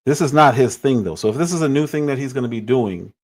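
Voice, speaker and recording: A man's voice: medium pitch, animated, fast. A man in his forties giving critical, exasperated commentary on clips during a livestream.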